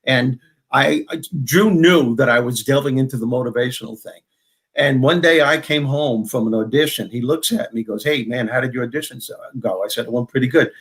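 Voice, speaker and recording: New man, middle-aged, lively storyteller who acts out the other people in his stories. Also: medium pitch. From Long Island, New York. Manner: animated storyteller who acts out dialogue in quick bursts. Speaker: guest, motivational speaker and former comedian. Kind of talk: storytelling in a podcast interview.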